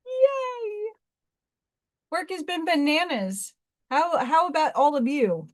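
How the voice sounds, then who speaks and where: A woman's voice: very high-pitched, animated, slow pace, pauses often. A woman hosting a casual craft livestream from her home, chatty, laughing often and cooing baby talk at her cat. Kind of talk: casual live-stream chat.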